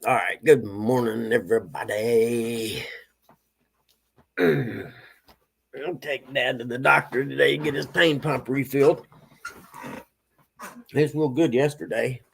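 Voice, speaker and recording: A man's voice: medium pitch, takes it slowly, vocal fry, long pauses, slight background noise. A man in his fifties hosting a casual morning live stream, chatting with viewers in a laid-back way and chuckling often. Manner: laid-back, chuckling, reads chat aloud.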